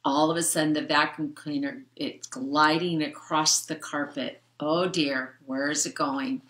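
Slow-talking grandmotherly storyteller woman. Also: sits low, steady tone, reverberant, a little hiss or hum. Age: older. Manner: gentle, chatty, explains words to kids. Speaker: storytime reader. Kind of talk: reading a picture book to children.

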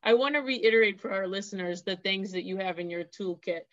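A woman's voice: mid-range voice, brisk, fairly bright tone, lo-fi sound. A woman hosting a podcast interview who talks with enthusiasm and sums up her guest's points for listeners. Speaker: podcast host. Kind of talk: casual interview talk.

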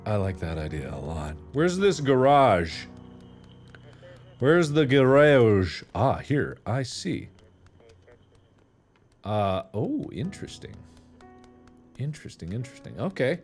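A man commentating a video game playthrough in a goofy, taunting way, swinging between loud shouts and mutters. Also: fairly high pitch. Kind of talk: let's play commentary.

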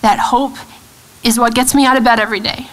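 Earnest woman giving a halting testimony. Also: on the high side, fairly even intonation, poor audio. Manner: earnest, halting, with frequent restarts and fillers. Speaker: guest speaker. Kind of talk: personal testimony talk. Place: church event hall.

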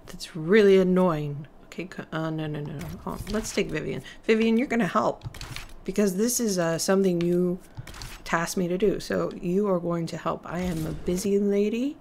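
A woman's voice: on the low side, normal speed, vocal fry, darkish tone, slight background noise. A woman giving casual, chatty commentary while playing a video game, talking to the game characters. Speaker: let's play gamer.

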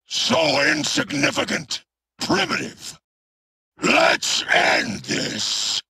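An actor playing a hulking, brutal male cyborg enforcer in a video game, with a harsh, gravelly, machine-like voice and a contemptuous, menacing way of barking threats. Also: very high-pitched, pushed and bright, exaggerated voice.

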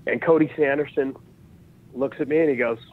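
A man's voice: medium pitch, a little fast. A man in his thirties from Utah, a podcast guest telling stories in casual conversation, acting out dialogue and laughing often. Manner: lively storyteller who acts out dialogue and laughs often. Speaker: podcast guest, jiu-jitsu and wrestling coach. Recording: tinny phone-like line.

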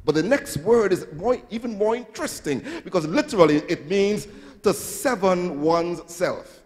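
A man's voice: high-pitched, expressive, normal speed, a little mellow. A male pastor preaching a sermon in a church, with sing-song swells and acted-out quotes. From Trinidad and Tobago. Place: church sanctuary. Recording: reverberant church hall.

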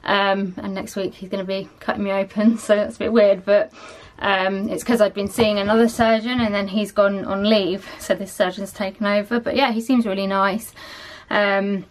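A woman's voice: mid-range voice, flat delivery, moderate pace, few pauses. Tired, rambling young woman. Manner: chatty, rambling, lots of ums and likes. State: tired and sluggish. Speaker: vlogger. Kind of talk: casual chat.

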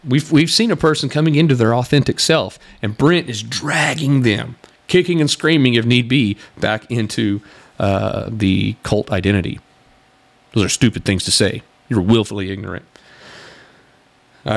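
A man's voice: medium pitch, big pitch swings, normal speed, vocal fry. A man hosting a podcast, responding to a video in a sarcastic, exasperated commentary and laughing between points. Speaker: podcast host.

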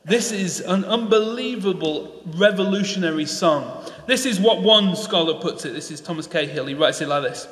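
A Northern English man delivers an enthusiastic sermon, his pitch sitting high for a man. His voice rings through a church hall with a long, roomy reverb. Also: moderate pace, hardly any pauses, a bit bright. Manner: passionate, enthusiastic preaching with rising pleading questions. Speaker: preacher.

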